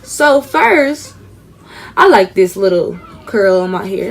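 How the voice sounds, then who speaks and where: A young woman with features, telling a casual storytime vlog in a chatty, animated way, sounding tired. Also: fairly high pitch, takes it slowly. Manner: chatty, animated storytelling with frequent fillers and asides. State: tired, sleepy. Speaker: vlogger.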